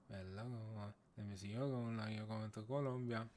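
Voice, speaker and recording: A man hosting a casual livestream, chatting with viewers in a playful, teasing way and often breaking into loud exclamations. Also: lowish voice, steady tone, normal speed, hardly any pauses. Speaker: livestream host. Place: home, in the UK.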